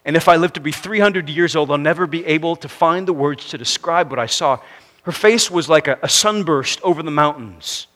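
A man preaching a sermon, reading a story aloud in an earnest way that sinks to a hush at the ends of phrases and rises to emphatic preaching. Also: a little high.

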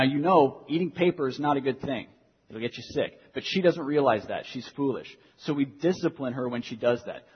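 Young male pastor, earnest sermon delivery, slightly husky, lo-fi recording with long hall reverb. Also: medium pitch. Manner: earnest, repeats key phrases for emphasis. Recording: dull lo-fi sound in a reverberant hall.

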